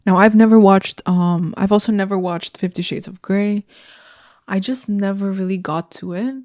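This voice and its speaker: A woman's voice: mid-range voice, moderate pace, darkish tone. A young woman hosting a solo podcast, ranting in a blunt, heated and profane way. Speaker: podcast host. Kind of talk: casual solo podcast rant.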